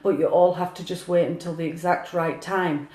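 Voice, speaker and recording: A woman's voice: fairly low pitch, fairly even intonation, moderate pace, dark tone, roomy sound. A woman doing a live-streamed psychic reading, earnest and emotional, talking to viewers by name. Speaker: psychic medium.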